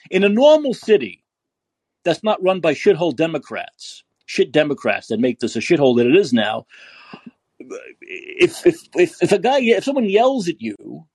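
A man's voice: high-pitched, a little mellow, husky, no echo. A man from New York hosting a call-in podcast, ranting and profane, often repeating himself as he restarts sentences. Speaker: podcast host. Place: San Francisco.

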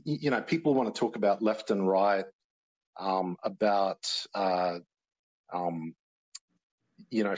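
An Australian man calls in to a podcast for a casual chat, his voice fairly low with a breathy edge. The low-quality recording has no room sound, and his speech is halting and stammering, with frequent restarts of his sentences.

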